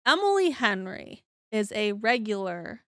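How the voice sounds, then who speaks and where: A woman's voice: medium pitch, very animated, unhurried, fairly bright tone, dry recording, clean studio sound. Giggly congested young woman. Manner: giggly, laughs often. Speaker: podcast co-host. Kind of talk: casual chat.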